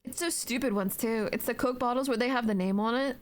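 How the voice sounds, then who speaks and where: Quick-paced and somewhat high-voiced, a young adult Twitch streamer chats from home, reading her viewers' messages out loud. Her playful talk drifts around, packed with fillers and interrupted by yawns.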